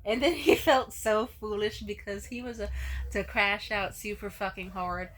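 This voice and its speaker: A woman's voice: medium pitch, steady tone, moderate pace. A young woman vlogger telling a candid, profane story in a casual way and laughing often.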